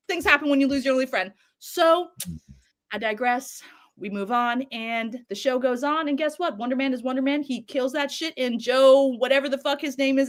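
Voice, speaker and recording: A woman co-hosting, recapping a show in a casual, animated way, swearing and acting out lines. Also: high voice. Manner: animated, swears a lot, acts out quotes. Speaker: show co-host recapping a series.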